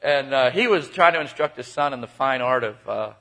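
A man's voice: medium pitch, lively intonation, a little fast, gravelly, fairly bright tone. A man speaking at a church who tells jokes and family stories and often laughs at his own punchlines. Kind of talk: comic storytelling.

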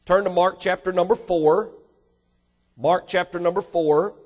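High-voiced man preaching emphatically. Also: a little slow. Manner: emphatic preaching, rising to high animated bursts; addresses congregation directly with questions. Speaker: pastor. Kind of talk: sermon.

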